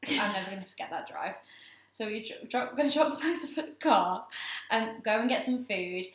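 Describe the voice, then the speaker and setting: A young woman co-hosting a podcast, telling a story in casual chat, animated and laughing, swearing freely. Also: medium pitch, brisk. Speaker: podcast co-host. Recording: echoey room.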